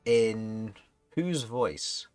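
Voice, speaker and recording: A man's voice: lowish voice, expressive, very slow, a little mellow, soft background music. A man narrating as dungeon master, businesslike and steadily prompting the players for their rolls. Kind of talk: narrating a tabletop game.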